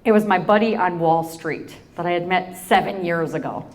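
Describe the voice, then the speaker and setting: A woman's voice: lowish voice, normal speed, a little mellow. A woman from South Dakota, an agriculture advocate, giving a storytelling keynote talk with playful asides to the audience.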